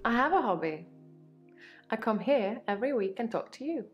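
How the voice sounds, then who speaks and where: A woman's voice: a little high, animated, normal speed, dull audio, faint music behind, natural voice. A woman voicing a sarcastic, troubled female patient in a therapy game. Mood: defensive. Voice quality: dry sarcastic delivery. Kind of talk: game voice acting.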